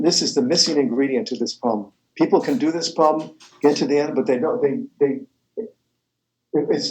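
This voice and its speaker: A man's voice: fairly high pitch, darkish tone, reverberant, poor audio. A man lecturing a math class, rambling and correcting himself as he goes, with the odd chuckle. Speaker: math professor.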